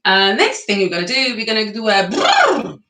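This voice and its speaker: A woman's voice: medium pitch, huge pitch swings, moderate pace, pushed and bright. A woman leading a guided singing and breathing class, chatty and encouraging, laughing between exercises. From England. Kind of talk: guided vocal exercise session. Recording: echoey room.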